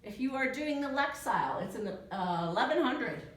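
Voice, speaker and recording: Brief: woman librarian, chatty tutorial host, bright high voice, roomy echo. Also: lively intonation, a little fast. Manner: chatty, thinking aloud while clicking. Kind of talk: screen-share tutorial. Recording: echoey room.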